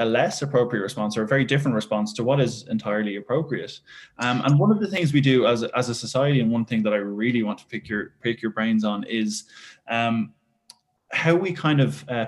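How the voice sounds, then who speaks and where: A man hosting a podcast, asking questions in a conversational way with frequent restarts. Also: mid-range voice. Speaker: podcast host. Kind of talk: podcast interview.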